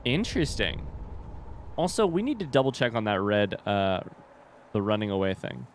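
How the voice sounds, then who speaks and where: A man hosting a gaming channel, giving excitable, swearing commentary as he plays. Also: fairly low pitch, moderate pace, slight background noise. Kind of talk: live gameplay commentary. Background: game music.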